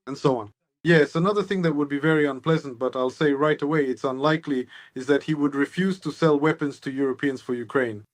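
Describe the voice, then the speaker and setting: A man's voice: fairly high pitch, brisk, no room sound. Sardonic male political commentator. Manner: sardonic, expansive storytelling. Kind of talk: interview analysis.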